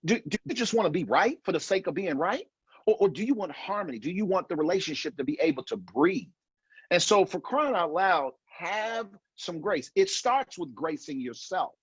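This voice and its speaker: A man's voice: high voice, sing-song, fairly quick, slightly rough, dry recording, lo-fi sound. A middle-aged man giving an earnest online conference talk, repeating phrases for emphasis and restarting often, heard over a video call. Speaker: marriage conference speaker.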